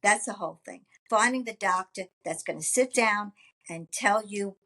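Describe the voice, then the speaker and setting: A woman co-hosting a podcast in casual chat, agreeable and quick to back up her partner. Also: medium pitch. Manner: agreeable, gives steady backing replies. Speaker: podcast co-host.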